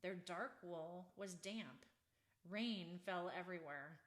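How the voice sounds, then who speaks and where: A woman author reading her children's book aloud in an expressive, unhurried storybook manner. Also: fairly low pitch.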